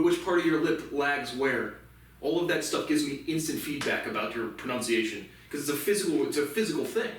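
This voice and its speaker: A man's voice: mid-range voice, a little hiss or hum. Man, angry profane rant, very echoey room, far from the mic. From United States. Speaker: vlogger. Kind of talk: solo ranting monologue.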